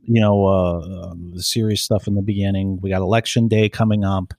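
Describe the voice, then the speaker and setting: A man's voice: low voice, steady tone, a little fast, a little mellow, dry recording, studio quality. A man co-hosting a podcast, chatting casually in a profane, rambling, jokey way. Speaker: podcast co-host. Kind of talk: casual chat.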